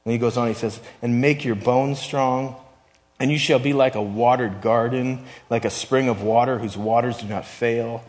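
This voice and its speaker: A man's voice: mid-range voice, steady tone, moderate pace, darkish tone. A man preaching a sermon, reading scripture with rising emphasis and talking conversationally, with repeated phrases and restarts. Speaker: pastor. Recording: long hall reverb.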